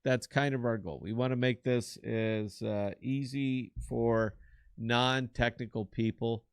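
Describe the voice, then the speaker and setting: Male co-host, middle pitch, blunt and rambling, dry close mic. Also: steady tone, a little slow, smooth, no room sound. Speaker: podcast co-host. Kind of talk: casual chat.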